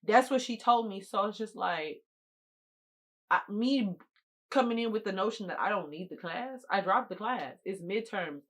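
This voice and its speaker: This young storytime vlogger eats while recounting a casual tale, repeating phrases for emphasis and talking straight to her viewers. Her medium-pitched voice is fairly bright and moves at normal speed, though the audio is poor.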